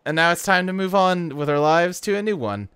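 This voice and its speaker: Bright, clear-voiced male game master. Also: high-pitched, expressive, fairly quick. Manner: rambling, self-deprecating, laughs often. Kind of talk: casual podcast banter.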